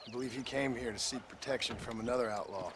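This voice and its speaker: A man's voice: medium pitch, quick pace, natural voice. A man playing a terse American outlaw. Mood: steady. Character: laconic American outlaw turned hunter, gruff. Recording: game audio with loud background noise.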